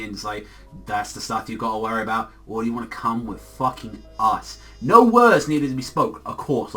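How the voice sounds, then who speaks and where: An excitable man talks through an anime episode in a loose, rambling review. His voice is bright and forceful, and he swears freely. He leans on "like" in nearly every sentence. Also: medium pitch. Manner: excitable, profane, heavy use of filler "like".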